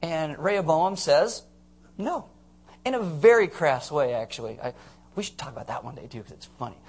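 A man's voice: on the high side, lively intonation, a little fast, darkish tone. A man preaching a teaching sermon to a congregation, playful and jokey, often checking that listeners are following. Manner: playful, jokey asides, audience check-ins. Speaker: pastor.

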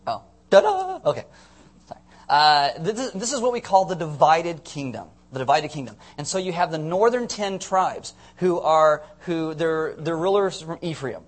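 A man's voice: fairly high pitch, expressive, moderate pace. A man preaching a teaching sermon to a congregation, playful and jokey, often checking that listeners are following. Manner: playful, jokey asides, audience check-ins. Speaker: pastor.

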